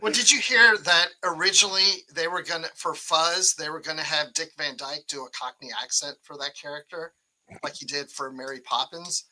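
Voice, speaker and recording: A man chatting on a discussion panel in a very bright, sharp-edged voice, pitched a little high. He rambles and halts, backing up to rephrase his thoughts. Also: poor audio. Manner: rambling, halting and self-correcting. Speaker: panelist on a fan discussion show. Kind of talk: casual panel chat.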